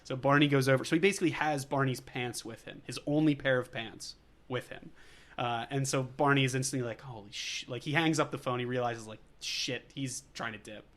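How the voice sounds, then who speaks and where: A man's voice: mid-range voice, steady tone, brisk, a bit bright. A man co-hosting a podcast, recapping a movie in casual chat, rambling loosely with lots of fillers and frequent laughter. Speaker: podcast co-host.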